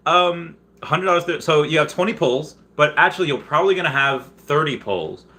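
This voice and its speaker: A man hosting a casual livestream, reading viewer comments aloud and rambling with frequent laughs and restarts. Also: normal speed. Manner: bursts into high, loud put-on voices when quoting. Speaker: livestream host.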